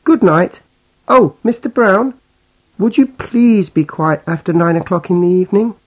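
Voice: medium pitch, animated, a little slow, breathy edge, low-quality recording. A voice actor playing a fussy, bossy landlady who politely nags her tenant with rule after rule in a scripted listening-exercise role-play. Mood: nagging politely. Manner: politely nagging, constant requests. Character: fussy, bossy middle-aged landlady, woman.

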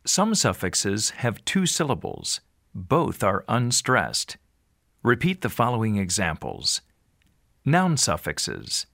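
A man giving scripted instructions in a pronunciation lesson, slow and carefully enunciated. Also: on the low side, sing-song, creaky, sharp tone, no room sound, studio quality.

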